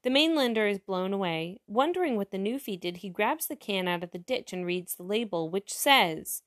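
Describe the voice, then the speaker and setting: A woman's voice: medium pitch, animated, moderate pace, hardly any pauses. A woman casually telling jokes aloud and chatting about each one as she goes. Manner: chatty, reads jokes aloud and comments on them.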